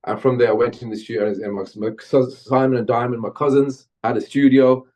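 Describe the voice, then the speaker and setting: A middle-aged man from Birmingham, England, guesting on an interview podcast and telling stories from his music career in an animated way. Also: mid-range voice, a little fast. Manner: animated storyteller, slips into Jamaican-style patois when chanting. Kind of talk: storytelling interview.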